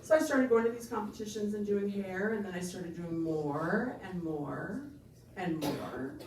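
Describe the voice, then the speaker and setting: A woman doing a stand-up comedy set, telling an animated story and acting out the other people's lines. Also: lowish voice, a little slow. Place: comedy venue stage. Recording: echoey room from far off, noisy.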